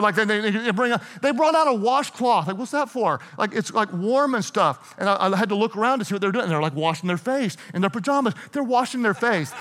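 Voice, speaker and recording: A middle-aged man preaching a sermon, telling stories in an animated way, restarting and repeating himself. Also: sits high, brisk, hardly any pauses. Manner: storytelling, animated, self-interrupting with repeated restarts. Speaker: pastor. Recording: hall reverb.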